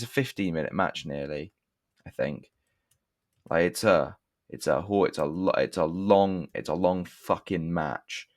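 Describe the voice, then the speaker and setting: A young man with a deep, low voice. He talks through a wrestling show in a rambling way, swearing casually and often breaking off to correct himself. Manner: rambling, profane, self-correcting with restarts. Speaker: wrestling reviewer. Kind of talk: casual spoken review.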